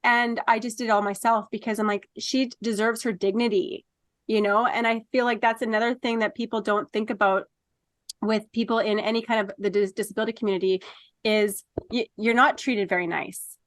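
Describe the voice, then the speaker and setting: Chatty woman interviewer, slightly high. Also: flat delivery, dry recording. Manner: quick, chatty storytelling. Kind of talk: casual interview talk.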